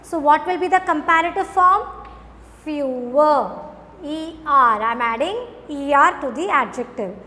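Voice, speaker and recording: A woman's voice: sits high, a bit bright, long reverb tail. A woman teaching grammar to schoolchildren, drawing out words and often checking if the children understand. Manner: slow, drawn-out, addresses children often. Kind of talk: recorded grammar lesson for children.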